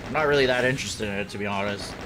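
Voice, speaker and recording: A man's voice: fairly low pitch, racing, over music. A man chatting casually with friends over a voice call while streaming a game. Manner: joking, lively.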